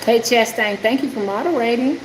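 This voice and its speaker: A woman's voice: on the high side, expressive, fairly quick. An older woman chatting on a livestream, greeting viewers by name while she works with her hands. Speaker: rootworker hosting a livestream. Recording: echoey room with air conditioning noise.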